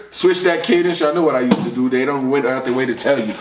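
A man recapping a battle rap in casual, animated, profane commentary, reacting loudly and repeating words as he quotes lines. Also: medium pitch, brisk, few pauses, roomy sound, distant mic.

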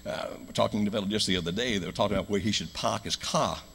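An American man preaching a sermon in a church, telling a story with loud emphatic lines and hushed low ones. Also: steady tone, racing, creaky, slight background noise. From United States.

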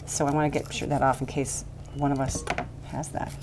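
A woman with a notably low voice talks through a recipe in a kitchen. She rambles and laughs easily, with a little faint noise behind her. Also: level tone, brisk. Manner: chatty, rambling, laughs often. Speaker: cooking show host. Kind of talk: casual cooking demonstration.

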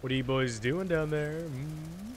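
A man streaming a shooter game, chatting casually and jokingly, with sudden excited outbursts. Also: on the high side, measured pace, noisy background. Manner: excitable, joking, bursts into shouts. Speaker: gaming streamer. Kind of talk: casual gameplay commentary.

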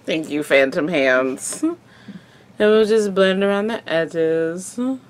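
A young adult woman, a beauty vlogger, chats casually through a makeup tutorial in a lowish voice with lively intonation and a slow pace. She's playful, tossing in little sound effects, and there's a little hiss or hum in the audio.

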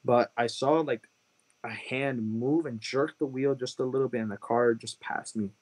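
A man's voice: mid-range voice, fairly even intonation, moderate pace, a little mellow, husky. A man from Chicago, a guest telling an emotional personal testimony in an earnest way and repeating phrases for emphasis. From Chicago, USA.

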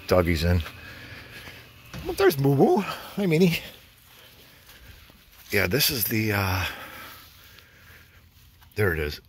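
A man's voice: mid-range voice, fairly bright tone, slightly rough. A man casually vlogging a home-improvement project in his garage, rambling and chatty with mild cursing. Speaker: DIY vlogger.

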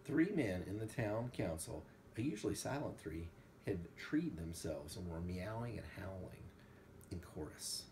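A man reading a storybook aloud at home to a child, with animated storytelling and quick asides. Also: deep voice, slight background noise.

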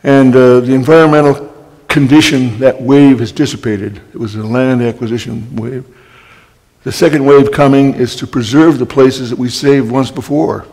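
An older man, a guest speaker, telling wry anecdotes in a storytelling talk and clearing his throat often. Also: mid-range voice, fairly even intonation, normal speed, darkish tone. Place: library talk hall. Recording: long hall reverb.

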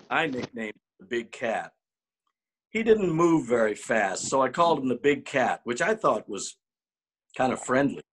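A man, a former ballplayer, telling an animated clubhouse story, acting out the quotes and stumbling over repeated words when excited. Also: mid-range voice. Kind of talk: anecdotal storytelling.

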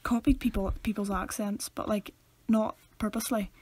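A woman's voice: mid-range voice, steady tone, moderate pace, darkish tone, slightly rough, dry recording. Chatty woman, dry sound. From Northern Ireland. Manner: chatty, giggly, slips into voices when telling stories. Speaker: podcast co-host. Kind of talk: casual chat.

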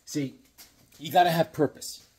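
A man's voice: on the high side, steady tone, normal speed, background noise. A middle-aged man hosting a casual comic book review, rambling and often restarting his sentences. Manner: rambling, repeats and restarts himself. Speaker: comic book video host.

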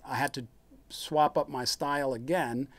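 A man's voice: mid-range voice, a little slow. A man hosting his own live stream, casually explaining guitar technique in a rambling way full of fillers and restarts, demonstrating as he talks. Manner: rambling, relaxed, lots of fillers and restarts, chuckles. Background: guitar playing.

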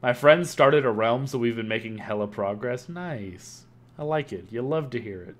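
A man's voice: medium pitch, lively intonation, moderate pace, slight background noise. A young man chatting casually and joking on a live gaming stream. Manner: joking, laughs often.

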